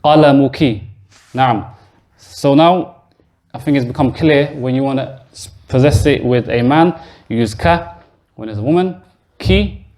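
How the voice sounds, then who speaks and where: A man teaches a grammar class in a mosque classroom, his voice sitting at an ordinary middle pitch. He explains patiently step by step, repeats each word, and turns to quiz his students as he goes. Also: measured pace, darkish tone. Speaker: Arabic teacher.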